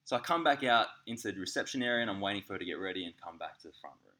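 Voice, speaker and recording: Bright-voiced Australian man telling stories. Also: lowish voice, very fast. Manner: animated, laughing, swearing, acts out voices in anecdotes. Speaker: podcast co-host, acupuncturist. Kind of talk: casual storytelling chat.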